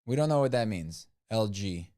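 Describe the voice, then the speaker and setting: A man chatting casually on a livestream, his voice very low and mellow. He rambles along, filling his sentences with "like" and "um," and stays skeptical about whatever comes up. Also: expressive, moderate pace. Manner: rambling and skeptical, many "like" and "um" fillers. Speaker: livestream co-host.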